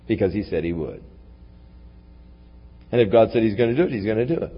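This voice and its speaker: A man preaching a sermon, swinging from raised, emphatic lines down to low, quiet asides. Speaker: pastor. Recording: dull lo-fi recording in a large reverberant hall.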